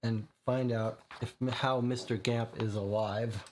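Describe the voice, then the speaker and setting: With a steady, mid-range voice and a slightly slow pace, a man reads a gamebook to viewers and explains his decisions along the way. A little hiss or hum is audible.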